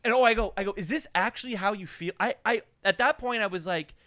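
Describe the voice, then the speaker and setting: A young man co-hosting a podcast, telling a story in a casual, animated way, acting out the people in it and swearing freely. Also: high voice, quick pace, no echo, studio quality. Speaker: podcast co-host.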